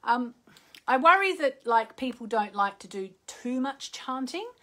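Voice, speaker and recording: A woman's voice: high voice, animated, unhurried, a bit bright. A middle-aged Australian woman, an astrologer chatting casually and rambling with many fillers on a live stream. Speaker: astrologer hosting a live show.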